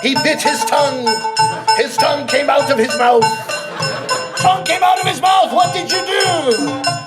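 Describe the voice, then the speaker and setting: A man voicing an eager, boastful young male rickshaw puller who shouts and brags, performed as live rakugo on a theater stage. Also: extremely high pitch, a little slow, loud music behind the voice. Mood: brash.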